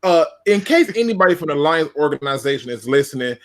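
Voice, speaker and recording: A man's voice: on the high side, big pitch swings, fast. Emphatic man talking sports. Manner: emphatic, repeats phrases for effect. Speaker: podcast co-host. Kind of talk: casual sports talk.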